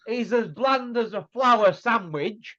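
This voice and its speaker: Man, boxing rant, fairly high voice, muffled lo-fi sound, blunt and mocking. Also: takes it slowly, fairly bright tone. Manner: blunt, mocking, asks rhetorical tag questions. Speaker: boxing pundit host. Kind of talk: casual ranting chat. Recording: muffled lo-fi audio.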